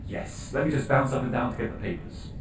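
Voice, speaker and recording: A man's voice: mid-range voice, fast talker, heavy background noise, close to an everyday voice. A man playing an exasperated, foul-mouthed male palace guard in a comedy animation. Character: hot-tempered male palace guard reading letters. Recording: echoey, distant from mic.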